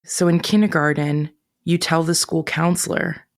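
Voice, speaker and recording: A woman interviewer speaks in a low, very even voice. She asks her questions calmly and with measure. The sound is dry and close. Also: normal speed, vocal fry, dry recording.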